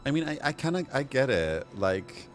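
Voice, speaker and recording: A man's voice: mid-range voice, sing-song, normal speed, faint music behind. A man from Europe chatting frankly with viewers during a live game stream. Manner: frank, chatty, responds to chat. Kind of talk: casual live-stream chat.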